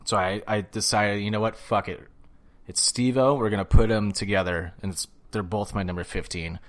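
A man's voice: on the low side, steady tone, normal speed. A man co-hosting a casual chat, talking in a profane, rambling way and laughing as he retells scenes. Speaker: podcast co-host.

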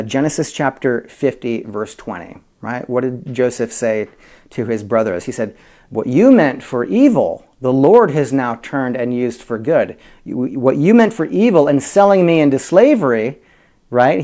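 Animated pastor teaching the Bible. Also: male voice, fairly high pitch. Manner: animated, full of rhetorical questions, swings between loud and soft; frequent fillers and restarts, chuckles.

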